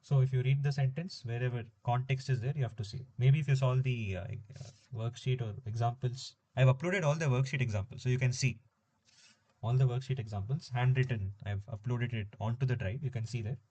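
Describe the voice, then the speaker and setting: A man walks through a French lesson at an easy, unhurried pace, pausing with fillers as he explains. His voice is soft and mellow with a slightly husky grain. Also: mid-range voice. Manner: relaxed, explaining step by step with frequent fillers. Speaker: French tutor. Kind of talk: informal recorded language lesson.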